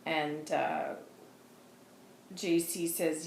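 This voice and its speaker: A woman giving an intuitive reading in a chatty, earnest vlog style with quick asides. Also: fairly low pitch, fairly even intonation, slight background noise. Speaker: intuitive reader and channeler. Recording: roomy echo.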